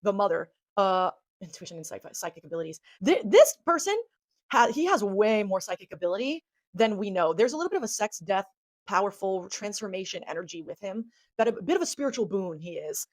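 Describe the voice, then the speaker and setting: A woman astrologer giving a rambling, excitable chart reading in a casual monologue, swearing freely. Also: mid-range voice, fast, no echo.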